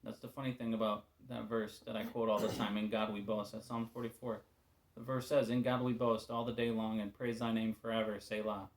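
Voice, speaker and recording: A man giving an informal devotional talk as a preacher, casual and candid, weary and subdued, often trailing off into quiet asides. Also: fairly low pitch, flat delivery, a little fast.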